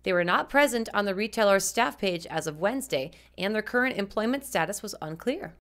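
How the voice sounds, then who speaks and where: A woman's voice: medium pitch, expressive, fairly quick, a bit bright. A woman, in a mid-range voice, reads news reports as a co-host. She speaks in a direct, earnest way to her viewers. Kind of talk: scripted news commentary.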